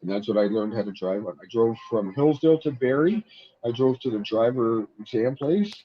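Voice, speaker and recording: A Canadian man from Ontario telling stories in a casual chat, animated, acting out the voices of people in his stories. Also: mid-range voice, a little fast. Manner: animated storyteller, acts out dialogue. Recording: muffled lo-fi audio with faint noise.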